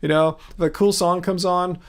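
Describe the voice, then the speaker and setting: A man in his forties chats casually on a livestream, reading out viewers' comments and pressing them with earnest questions. He talks in a loose, conversational way, restarting sentences often, and his voice sits slightly higher than most men's. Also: fairly even intonation, normal speed. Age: 40s. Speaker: livestream host answering chat. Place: home studio.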